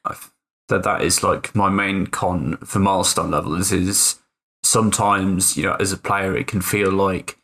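Deep, bright-toned man in hesitant casual chat. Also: flat delivery, a little slow, vocal fry. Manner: hesitant, many fillers and restarts, swears casually. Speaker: podcast co-host and player.

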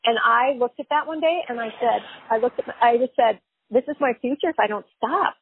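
Over phone-line audio, a woman who works as a chiropractor and life coach candidly tells her story in an interview. She's emphatic, repeats herself, and uses many fillers. Her voice is fairly high and brisk, with a little hiss or hum.

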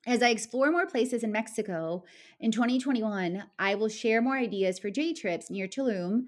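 A woman's voice: on the high side, normal speed. A woman travel vlogger running through a numbered list of trips in an upbeat, enthusiastic way, now and then correcting herself. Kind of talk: travel list vlog narration.

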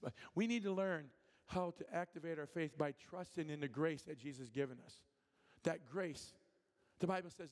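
Male preacher, high-pitched, fervent and rousing, in a church sanctuary with a long reverb tail. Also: fairly quick. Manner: fervent, rousing, asks the congregation questions. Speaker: guest preacher. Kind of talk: sermon.

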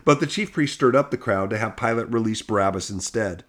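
A man reading Bible passages aloud in a steady, measured way, lightly voicing the quoted lines. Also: lowish voice. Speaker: scripture reader.

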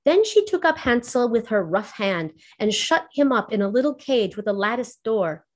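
A woman with a fairly high voice reads a fairy tale aloud. Her reading is measured and expressive, in the manner of a storyteller.

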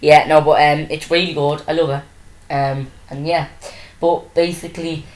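Woman, podcast host, deep-ish voice, rambly casual chat, roomy room sound. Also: fairly even intonation, a little slow, a little mellow. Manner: rambling, self-interrupting storytelling with many fillers. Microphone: desk microphone.

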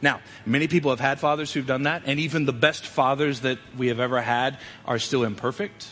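A middle-aged man preaching a sermon, swinging between emphatic loud passages and quiet ones. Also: medium pitch, fairly even intonation, a little fast, soft background music. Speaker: pastor. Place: church sanctuary.

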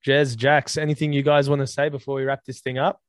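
A man ribs his friends in relaxed, matey banter as he co-hosts a podcast. His voice is mid-pitched and recorded very dry, with no room sound. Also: brisk, dry recording. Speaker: podcast co-host. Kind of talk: casual chat.

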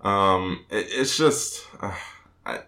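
A man's voice: low-pitched, slow pace, sharp tone. Rambling man in a roomy echo. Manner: rambling, self-correcting, laughs often. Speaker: podcast co-host. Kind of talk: casual movie review chat.

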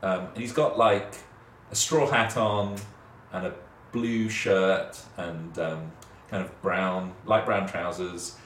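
A man narrating a tabletop horror game as game master, relaxed and descriptive, with frequent fillers. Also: low voice, slow. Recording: roomy sound, distant mic, faint hiss.

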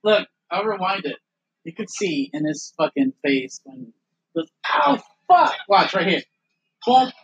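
A man's voice: a little high, animated, unhurried, fairly bright tone, slightly rough, muffled recording. A young man chatting casually on a podcast while watching old footage, laughing often and swearing freely. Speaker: podcast co-host. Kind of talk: casual watch-along commentary.

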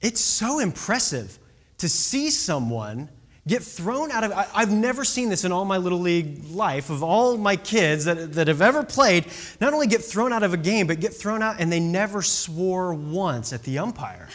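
A man with a somewhat high voice tells a story that builds toward a lesson, speaking as a youth baseball coach. His delivery is animated and conversational, and he keeps checking in with his listeners. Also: moderate pace.

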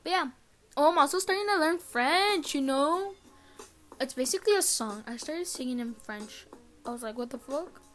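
Rambling teen girl podcaster, high voice. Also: lively intonation, moderate pace, a bit bright, soft background music. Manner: rambling, chatty, swears a lot. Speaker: podcast host. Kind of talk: casual solo podcast chat. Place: her bedroom.

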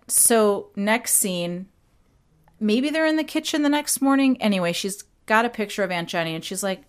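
Woman, podcast host, casual storytelling, animated, quick impressions. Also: mid-range voice, clean tone.

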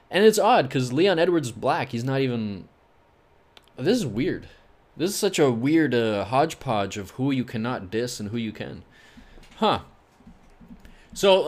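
A man hosting his own podcast alone, making fight predictions in a rambling, joking way with lots of fillers. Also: mid-range voice. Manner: rambling, joking, heavy on "you know" fillers. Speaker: podcast host.

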